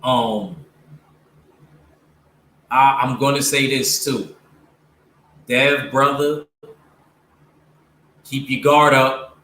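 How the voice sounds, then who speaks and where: Slow blunt man in an echoey room. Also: medium pitch, fairly even intonation, pushed and bright. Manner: blunt, opinionated, slangy, many fillers. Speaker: streamer talking boxing with viewers. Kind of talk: casual livestream commentary.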